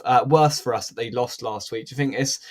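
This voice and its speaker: A man's voice: medium pitch, brisk. A man hosting a casual football fan chat, joking and laughing often. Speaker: podcast host.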